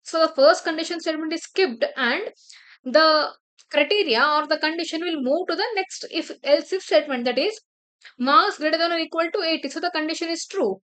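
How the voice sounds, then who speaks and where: A woman teaching a programming lesson over a screen share. She explains step by step and keeps checking with "right?" and "clear?". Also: high-pitched, fairly bright tone. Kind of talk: screen-share coding tutorial.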